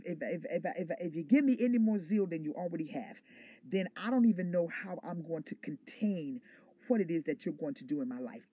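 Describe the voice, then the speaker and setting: Fervent woman preacher, husky and mellow. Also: fairly low pitch. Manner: fervent, repetitive call-and-response preaching. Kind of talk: sermon.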